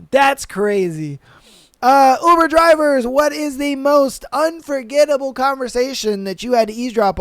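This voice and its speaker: A man's voice: extremely high pitch, smooth, no room sound, studio quality. A man hosting a podcast, reading stories aloud and reacting with slangy, laughing commentary. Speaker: podcast host.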